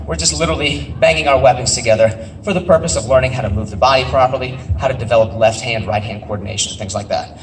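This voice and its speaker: A man's voice: mid-range voice, fast talker. A man, a martial arts instructor, explaining a live demonstration to a festival crowd in a plain, matter-of-fact way. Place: outdoor festival. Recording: echoey, distant, faint outdoor noise.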